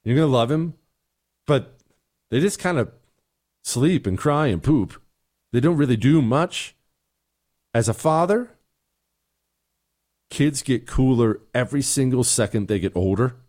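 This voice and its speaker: A man's voice: mid-range voice, lively intonation, measured pace, long pauses, darkish tone. A middle-aged man hosting a talk show, giving blunt, exasperated opinions and answering listener emails.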